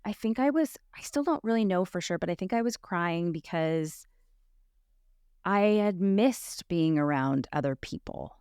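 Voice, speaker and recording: A woman's voice: on the low side, expressive, measured pace, a little mellow, clean tone, no echo, clean studio sound. A woman podcast host and life coach in a casual chat, telling personal stories in a candid, reflective way with frequent restarts.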